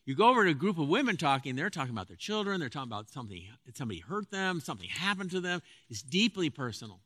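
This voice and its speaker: A man giving a spoken lecture as a counselor, earnest and halting, with frequent restarts and fillers. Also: fairly high pitch, sing-song, fairly bright tone, no room sound.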